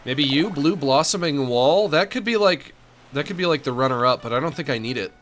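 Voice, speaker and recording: A man's voice: on the high side, lively intonation, brisk, a bit bright, faint music behind. A man streaming a video game, chatting casually to himself and the characters as he decorates a room. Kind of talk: casual gameplay commentary.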